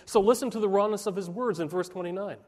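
Pastor, male, high voice, earnest sermon delivery, long hall reverb. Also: a little mellow. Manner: earnest preaching with emphatic rises and slowed, dropping phrases.

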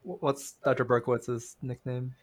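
A man's voice: mid-range voice, level tone, moderate pace, no echo. A man co-hosting a podcast, asking questions in a friendly, appreciative way. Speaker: podcast co-host.

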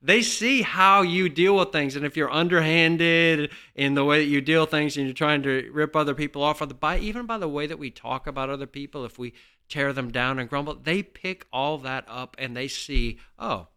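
A man's voice: fairly high pitch, moderate pace, pushed and bright, smooth. A middle-aged man guest explaining a parenting principle in an earnest, instructive way. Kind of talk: teaching in conversation.

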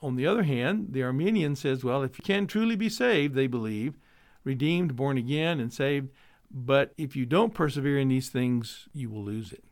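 A man teaching theology, reading scripture aloud and explaining it in a measured, explanatory way, his voice dropping low at the end of each point. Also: animated. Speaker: Bible teacher.

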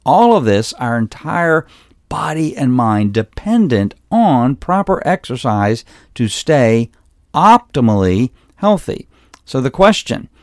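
A man's voice: mid-range voice, no room sound, studio quality. A man in his fifties hosting a health podcast, teaching in an earnest way and listing points one by one. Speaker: podcast host, chiropractor. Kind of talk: solo health podcast talk.

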